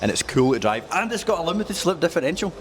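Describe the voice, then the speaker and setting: A man's voice: a little high, big pitch swings, quick pace, a little hiss or hum. A man presenting cars at a dealership in casual, jokey chat, rattling off specs with enthusiasm. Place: car dealership.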